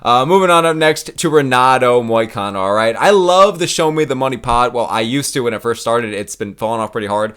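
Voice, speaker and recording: A man's voice: mid-range voice, brisk, few pauses, fairly bright tone, clear, resonant tone. Young guy swearing a lot, laughing, casual chat. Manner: swears freely, laughs often. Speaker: YouTube host.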